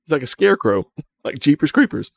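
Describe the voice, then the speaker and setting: Guy cracking up at some clip, lively up and down voice, cussing a lot. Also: a little high, fairly quick, creaky, no room sound, clean studio sound. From American South. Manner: mocking, laughing, profane. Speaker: streamer reacting to a video. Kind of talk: casual live commentary.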